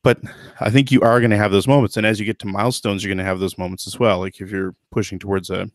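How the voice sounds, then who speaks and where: Low-ish guy on a podcast, hedgy, lots of um and you know, dry close sound. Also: flat delivery, quick pace, no room sound. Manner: thoughtful, hedging, many fillers and restarts. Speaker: podcast host. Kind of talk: casual podcast chat.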